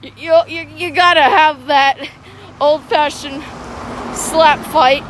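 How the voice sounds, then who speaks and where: High-pitched woman streaming a phone game outside, excitable, keeps arguing with chat. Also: takes it slowly, slight background noise. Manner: excitable, argues back at chat. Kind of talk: casual chat with viewers while playing. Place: outdoors, walking.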